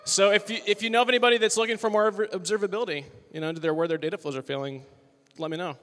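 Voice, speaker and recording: A man in his twenties, a worship leader, preaches a casual, joking sermon to college students in a large worship hall with a live audience. His voice is high-pitched, steady and a bit bright, and he races along, chatty and upbeat, full of "like" and "you know." The recording carries long hall reverb.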